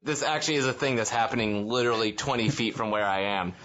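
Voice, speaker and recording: A man's voice: mid-range voice, steady tone, fast, noisy background. A man co-hosting a podcast, telling a story in a rambling casual way with many fillers and laughs at himself. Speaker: podcast co-host. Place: living in Japan.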